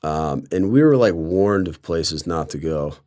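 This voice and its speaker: A man's voice: sits low, animated, unhurried, a little mellow. A young man from Colorado telling a story on a podcast, loose and sarcastic, filling his talk with "like". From Colorado, USA. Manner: loose, sarcastic, heavy use of "like". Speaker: podcast guest. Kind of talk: casual storytelling.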